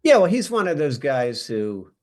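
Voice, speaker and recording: With a voice on the high side and a moderate pace, an American man guests on a podcast for a casual chat. He tells stories at his own expense, animatedly acting out what people said.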